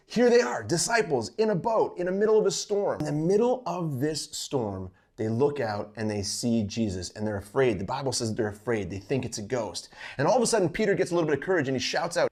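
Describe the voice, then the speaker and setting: A man hosting a fishing vlog, giving an informal Bible study with animated storytelling full of "like"s. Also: mid-range voice. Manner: animated storytelling, acts out scenes, many "like"s.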